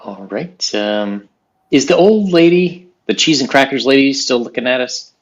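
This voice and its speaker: A man's voice: medium pitch, lively intonation, moderate pace, dull audio. A man playing a tabletop game, talking casually with hesitant fillers. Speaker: player.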